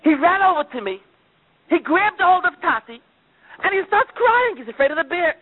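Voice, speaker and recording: Man preaching, super high voice, tinny phone-sounding audio, big dramatic swings loud to quiet. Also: big pitch swings, a little fast. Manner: dramatic storytelling, swinging between loud and hushed. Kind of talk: sermon.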